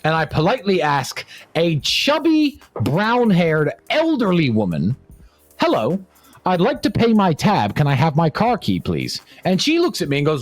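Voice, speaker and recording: Male host from England, animated storyteller with a wide-ranging voice, faint music bed. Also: high voice, measured pace, no room sound. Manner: animated storyteller, acts out quotes. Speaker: podcast host. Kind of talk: casual storytelling chat.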